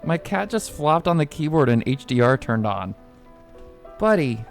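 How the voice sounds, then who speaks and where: A man's voice: a little high, very animated, normal speed, soft background music. A man streaming a game in casual chat, playful and rambling, swearing casually and talking to his cat. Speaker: gaming streamer. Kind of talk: casual let's-play chat.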